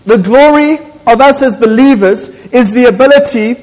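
Pastor, high voice, preaching hard, echoey church hall. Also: male voice, moderate pace, a little mellow. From South Africa. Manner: impassioned, emphatic preaching. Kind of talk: sermon.

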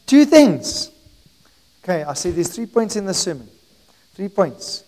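A man preaching a sermon as pastor, emphatic and rising in volume, slowing on key phrases. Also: sits high, sing-song, mellow, rough recording.

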